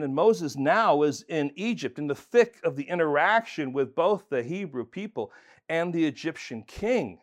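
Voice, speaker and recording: A man preaching a sermon as pastor, earnest and emphatic, talking conversationally with fillers and restarts. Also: on the high side.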